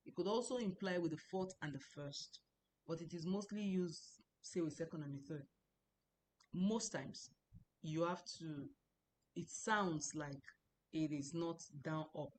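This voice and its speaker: Speaking to a screen through a computer mic, a woman teaches an online language class, patiently repeating words and tones many times and explaining as she goes. Her voice is low with a darkish tone, and there's a little hiss or hum.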